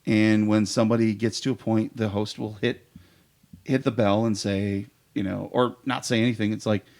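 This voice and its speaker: A man's voice: fairly low pitch, little pitch movement, moderate pace, darkish tone. A man chatting casually on a podcast as a guest improv performer, telling eager, rambling stories full of fillers.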